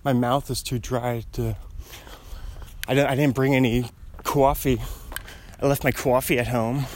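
The young vlogger's voice is medium-pitched and level, at normal speed, with a faint hiss or hum in the audio. He wanders between thoughts and chuckles frequently as he walks a residential street talking to himself.

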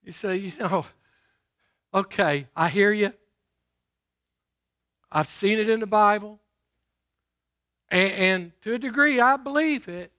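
Emphatic high-voiced male preacher. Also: pushed and bright. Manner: emphatic, call-and-response questions to listeners; slows down to stress scripture. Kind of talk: sermon.

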